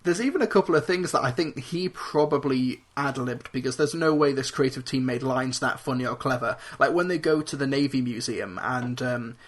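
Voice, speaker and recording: A man's voice: mid-range voice, normal speed, few pauses. A man co-hosting a movie podcast, chatting casually and rambling through critiques with frequent restarts. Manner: rambling, restarts often, quotes lines in put-on voices. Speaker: podcast co-host. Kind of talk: casual movie review chat.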